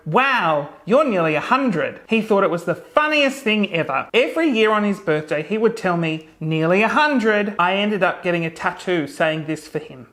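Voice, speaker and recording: A young woman reading funny viewer stories aloud in a casual comedic vlog, swearing often and laughing as she goes. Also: fairly low pitch.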